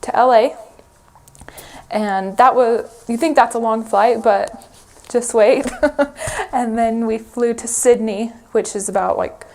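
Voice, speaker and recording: A woman's voice: on the high side, slow, darkish tone, a little hiss or hum. A woman in an interview recounting a long journey, chatting and laughing lightly as she goes. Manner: chatty, laughing between phrases. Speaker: interviewee recalling mission travel. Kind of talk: recorded interview storytelling.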